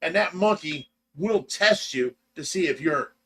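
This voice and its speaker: A man hosting a casual livestream, telling a story with animated shouts and quick impressions, in a Midwestern American accent. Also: on the high side, a little hiss or hum. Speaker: show host telling a story.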